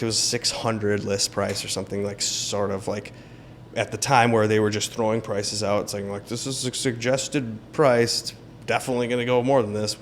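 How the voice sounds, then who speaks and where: A man's voice: mid-range voice, slight background noise. A man being interviewed as a realtor, telling a story in casual talk and acting out the quoted lines. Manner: animated, acts out quoted dialogue. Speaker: realtor guest.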